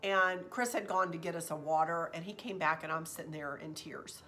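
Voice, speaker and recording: Bright-voiced chatty woman. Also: fairly low pitch, normal speed, faint music behind. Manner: chatty, expressive, says "y'all". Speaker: vlogger. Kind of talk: casual storytelling vlog.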